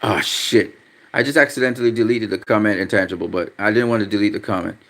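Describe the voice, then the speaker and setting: Speaking fast in a lowish, somewhat bright voice, a male livestream host reads through viewer comments during a casual boxing chat. He's blunt, swears heavily and gets frustrated without much provocation.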